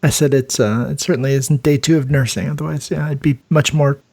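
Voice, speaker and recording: A man's voice: medium pitch, fairly even intonation, brisk, gravelly, darkish tone, husky. A man, the host of a nursing podcast, telling work stories casually and laughing often. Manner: laid-back, laughs often, acts out quoted voices. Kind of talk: casual storytelling chat.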